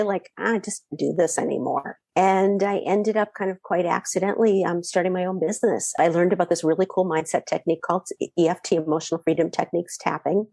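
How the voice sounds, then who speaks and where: Chatty lowish-voiced woman coach. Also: no room sound. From Boston area, USA. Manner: animated, chatty, frequent fillers. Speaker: guest, mindset coach. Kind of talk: conversational storytelling.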